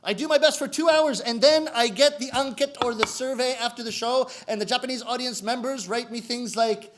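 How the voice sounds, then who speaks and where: A middle-aged man, a rakugo comedian, telling funny stories to camera in an animated way, acting out the voices he quotes. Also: very high voice, fairly quick. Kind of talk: comic storytelling to camera.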